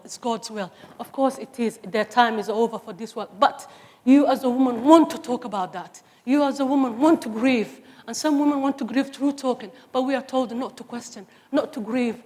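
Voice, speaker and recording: A woman in her forties with a Somali accent, giving an earnest, emphatic personal testimony on stage with humorous asides. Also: a little high. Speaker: speaker. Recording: long hall reverb on stage.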